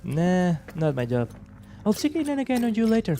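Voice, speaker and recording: A man voicing a verbose, sarcastic young man in a game, lively in pitch. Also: normal speed, slight background noise. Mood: sardonic. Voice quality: articulate, dry and sarcastic. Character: young man, a verbose, sardonic older brother.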